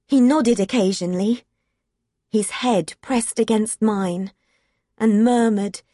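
A woman's voice: medium pitch, darkish tone, no room sound, clean studio sound. A woman narrating a first-person novel, reading in an intimate, emotional way. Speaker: audiobook narrator.

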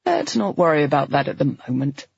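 A woman voicing a patronizing male doctor who talks in a soft, pitying, soothing way in an audiobook. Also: low voice, very animated, a little fast, vocal fry, breathy edge, dry recording, voice pushed down, heavily acted. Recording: dull, slightly lo-fi dry recording.

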